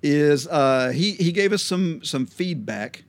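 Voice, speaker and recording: A man's voice: on the high side, animated, slow, dry recording. Playful laughing male podcast co-host. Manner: laughs often, playful banter. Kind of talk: casual chat.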